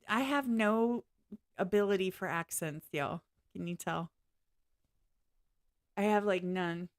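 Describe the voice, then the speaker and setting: A woman vlogging in a casual, rambling way, apologizing often and swearing now and then. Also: medium pitch. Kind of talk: casual reaction vlog chat.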